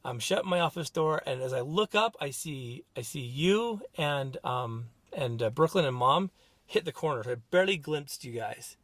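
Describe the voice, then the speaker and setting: A middle-aged man with a slightly high voice tells a family story on a podcast. He speaks casually and gets animated, acting out what each person said. The recording is dry and close-miked, with no room sound. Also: normal speed, no room sound. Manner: animated retelling with acted-out quotes. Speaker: podcast co-host, therapist.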